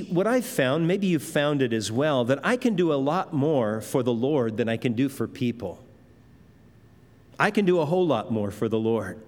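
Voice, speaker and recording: A man's voice: mid-range voice, a little mellow. A pastor preaching a conversational, emphatic sermon and acting out the voices he quotes. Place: church. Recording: long hall reverb.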